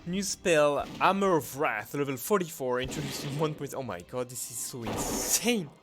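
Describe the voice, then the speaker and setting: A man commenting on his gameplay, reading patch notes aloud in non-native English phrasing and breaking into excited exclamations. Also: a little high, moderate pace. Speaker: channel host. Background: background music.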